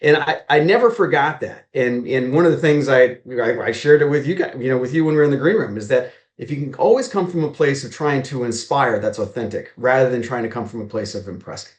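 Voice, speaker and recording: A man's voice: mid-range voice, quick pace, hardly any pauses, echoey room. A man from Maryland, a real estate agent, telling stories as a podcast guest and acting out the dialogue he quotes. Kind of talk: storytelling in a podcast interview.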